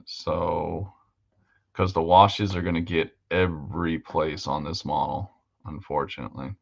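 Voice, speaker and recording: Painting models on a live hobby stream, a male host chats in a loose, rambling manner with lots of fillers. His deep, low voice is unhurried and creaky with fairly even intonation, and the sound is dull and lo-fi.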